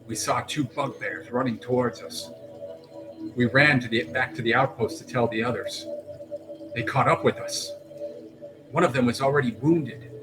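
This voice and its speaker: A man voicing an eager young male villager who talks in an earnest, excitable way over background music. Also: medium pitch, natural voice, low-quality recording.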